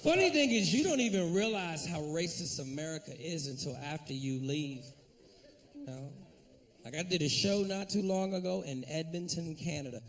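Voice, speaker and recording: A man's voice: on the high side, lively intonation, moderate pace. A man doing a stand-up comedy set, brash and profane as he tells his stories.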